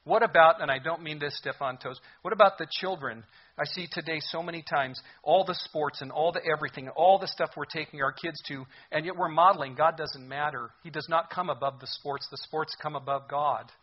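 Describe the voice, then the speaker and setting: A man with a husky, slightly raised voice delivers a sermon in an earnest, conversational manner and keeps posing questions to his listeners. The recording sounds dull and lo-fi. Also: on the high side, fairly quick. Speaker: pastor.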